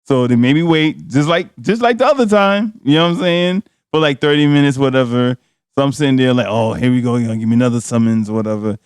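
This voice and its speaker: A man, co-hosting a podcast and telling a comedic story in a loud, laughing, slangy way. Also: medium pitch, fast talker, smooth, no room sound, studio quality. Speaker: podcast co-host.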